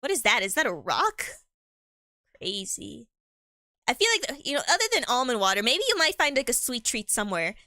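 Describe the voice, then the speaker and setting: Young woman streamer, giggly and rambling, bright higher voice, dry close sound. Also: sing-song, normal speed, no echo. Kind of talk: improvised role-play chat.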